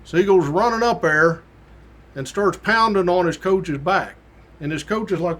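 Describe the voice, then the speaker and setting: Middle-aged male host, folksy storyteller, slightly high voice, plays the people in his stories. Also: normal speed, fairly bright tone. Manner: folksy, acts out quoted voices with rising pitch. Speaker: podcast host, retired state trooper. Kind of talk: casual storytelling monologue.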